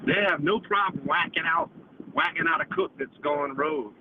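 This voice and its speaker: A caller from the United States talks in a loose, rambling way, swearing and tagging "man" onto his sentences. His voice sits a bit high for a man. It comes through a thin, phone-like line with a loud hiss behind it. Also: sing-song, normal speed, creaky. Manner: rambling, profane, repeats "man" constantly. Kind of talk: casual call-in chat.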